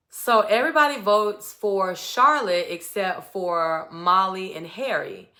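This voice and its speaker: A woman's voice: mid-range voice, unhurried, hardly any pauses. Sassy woman recapping reality TV. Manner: animated, sassy, acts out quotes with attitude. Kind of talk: casual recap commentary.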